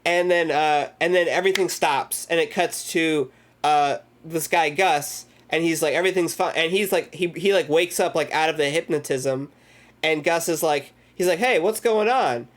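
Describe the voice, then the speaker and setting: A man's voice: a little high, moderate pace. A man hosting a movie discussion, casually recapping scenes in a rambling way full of filler words. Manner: energetic retelling of scenes. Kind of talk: casual film recap chat.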